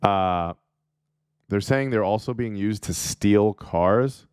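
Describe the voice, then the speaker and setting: A man's voice: on the low side, takes it slowly, a little mellow, clean tone, no echo, clean studio sound. A man hosting a comedy show, riffing sarcastically through a monologue and laughing at his own jokes. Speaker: comedian host.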